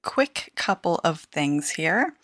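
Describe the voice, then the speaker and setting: Low-voiced woman reading lore notes. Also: very animated, slow pace, fairly bright tone, no echo, clean studio sound. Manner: reads notes aloud with playful asides and laughs. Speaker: podcast co-host.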